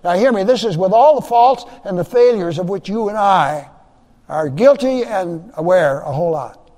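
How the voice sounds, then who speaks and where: A man preaching a sermon with emphatic repetition, his voice swelling and falling in loudness as he drives each point home. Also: high-pitched, lively intonation, moderate pace, long reverb tail. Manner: emphatic preaching, repeats phrases, rising and dropping loudness. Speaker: pastor.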